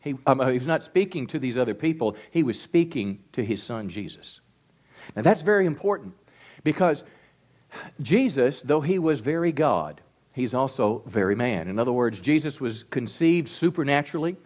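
Male pastor, sermon, earnest, slows down on key phrases, mid-pitched. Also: expressive, a little mellow. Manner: earnest preaching, stresses key words slowly.

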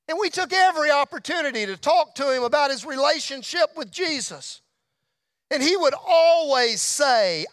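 A middle-aged man telling a testimony story in a church, folksy, dropping to a hush and rising to shouts. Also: very high voice, lively intonation, moderate pace, dry recording, studio quality. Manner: folksy storyteller, drops to a hush at tender moments, rises to shouts. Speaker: motorcycle ministry speaker. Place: church hall.

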